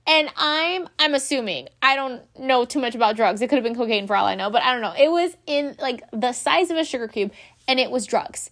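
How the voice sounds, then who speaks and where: A young woman tells a story to her viewers in a loose, chatty way. Her voice sits a little high, and her talk is full of "like" and "um". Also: fairly quick. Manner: chatty, animated, many fillers like "like" and "um". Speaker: vlogger. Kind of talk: casual storytelling.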